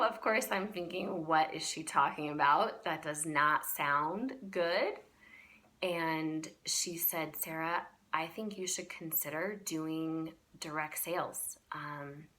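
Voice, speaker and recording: A woman telling a personal faith story in a vlog, animated and full of ums and laughs. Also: low voice. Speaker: vlogger.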